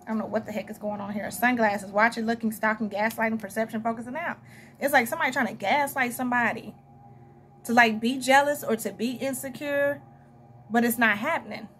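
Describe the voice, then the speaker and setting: A woman's voice: fairly high pitch, steady tone, fairly bright tone, a little hiss or hum. Chatty Southern woman reading tarot. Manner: chatty, rambling, with frequent asides and quick laughs. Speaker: tarot reader. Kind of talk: casual tarot reading monologue.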